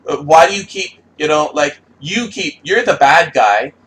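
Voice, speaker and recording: A whiny, nagging critic firing the same complaint again and again, as a man mockingly puts him on. The voice sits higher and louder than the man's own, in a sneering, repetitive sing-song. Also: fairly even intonation, brisk, slight background noise, lightly acted, poor audio. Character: nagging, exasperated male critic of his videos.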